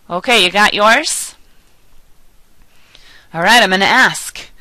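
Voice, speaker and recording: A woman teaching a beginner Spanish lesson, drilling sounds slowly and pausing for learners to repeat. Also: mid-range voice, sharp tone, no room sound. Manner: slow, patient drilling with pauses for repetition. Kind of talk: recorded online lesson.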